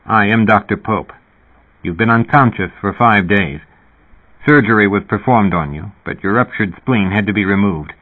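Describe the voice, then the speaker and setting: A man voicing a calm, formal male doctor with a measured, clinical delivery, over a phone-like narrow sound. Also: fairly low pitch, close to an everyday voice.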